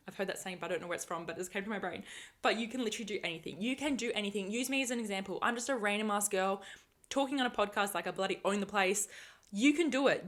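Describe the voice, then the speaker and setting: A woman, hosting a solo podcast in an upbeat, chatty way, swearing freely and making self-aware asides. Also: medium pitch. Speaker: podcast host. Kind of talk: casual solo podcast chat.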